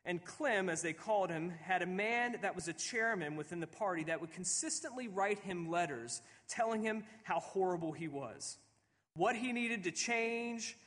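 A man's voice: a little high, fairly bright tone. A male pastor delivering a sermon to a congregation, explaining scripture and telling stories. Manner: explanatory storytelling, addressing a congregation. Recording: long reverb of a large hall.

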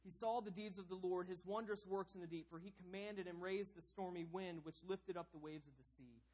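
Man, pastor, sermon, husky voice, impassioned, loud-to-hushed swings. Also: sits high, brisk, rough recording. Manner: impassioned preaching, swinging between loud emphasis and hushed delivery.

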